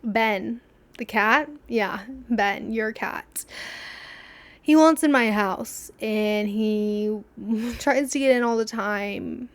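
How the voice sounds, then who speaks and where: This young podcast host has a fairly high voice and talks extremely slowly, with no echo in the recording. Her storytelling is chatty and meandering, full of frequent laughter and acted-out quotes.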